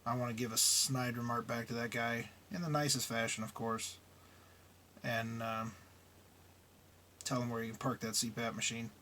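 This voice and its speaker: A man's voice: mid-range voice, level tone, normal speed, long pauses, bright, forceful tone, a little hiss or hum. A middle-aged man who drives trucks, talking casually and bluntly in a vlog and grumbling about his frustrations.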